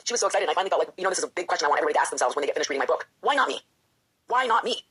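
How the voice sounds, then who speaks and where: Fast, husky-voiced woman wrestler talking candidly. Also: on the low side, expressive, a bit bright. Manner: emotional, candid, acts out her own inner voice. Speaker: professional wrestler and author, guest. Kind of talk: candid interview talk.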